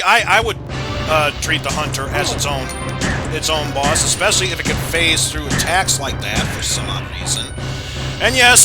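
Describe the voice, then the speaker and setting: Male streamer, game commentary, sarcastic and exasperated, lively swooping delivery. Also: on the high side.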